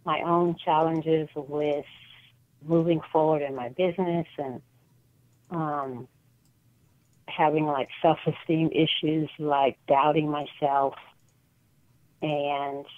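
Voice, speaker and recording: Low-voiced woman caller on a tinny phone line. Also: no echo. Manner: hesitant, full of fillers. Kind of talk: phone-in call.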